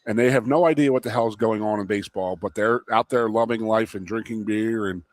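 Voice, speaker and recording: A man from the Philadelphia area, co-hosting a live talk show, telling stories in an animated way and laughing easily. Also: on the low side, fairly quick, no echo. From Philadelphia area, USA. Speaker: co-host. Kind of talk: casual sports talk show chat. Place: restaurant.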